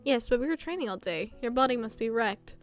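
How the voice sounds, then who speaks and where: Calm, soothing young woman, as a female streamer reads her. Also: on the high side, fairly quick, soft background music, natural voice. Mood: gentle. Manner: calm, reassuring. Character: calm gentle young woman, caring roommate. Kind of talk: visual novel read-aloud.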